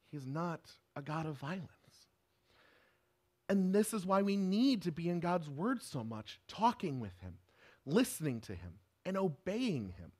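Earnest man preaching, slightly high voice. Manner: earnest, emphatic preaching with rising emphasis. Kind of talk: sermon.

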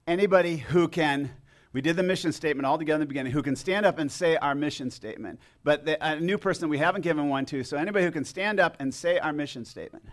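A man's voice: fairly high pitch, quick pace. A man preaching as pastor to his congregation, chatty and joking, with frequent restarts. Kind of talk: casual sermon with congregation. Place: church sanctuary.

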